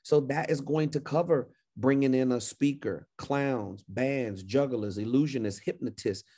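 A man's voice: mid-range voice, unhurried, warm tone, slightly rough. A man coaching a caller on a livestream Q&A, confident and emphatic, often repeating phrases. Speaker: speaking business coach.

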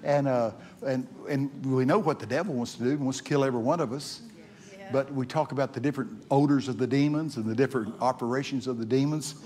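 A man preaching to a congregation, spinning folksy stories in his middle-pitched voice. He repeats himself as he goes and keeps climbing into loud, excited exclamations. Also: fast talker. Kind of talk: sermon with storytelling. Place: church.

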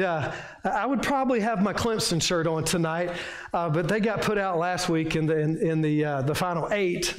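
A man with a Southern American accent preaches in a fairly high voice, stacking short emphatic lines in a folksy pulpit manner. The sound carries the echo of a church sanctuary around him. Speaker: pastor. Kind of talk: sermon. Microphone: room microphone. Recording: echoey church room.

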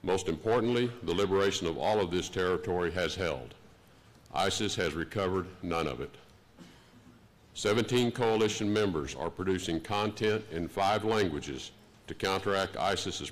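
A man in his sixties with a Texan accent giving a formal prepared speech at a conference, measured and deliberate. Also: sits low. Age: 60s. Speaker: diplomat giving an opening address. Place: conference hall.

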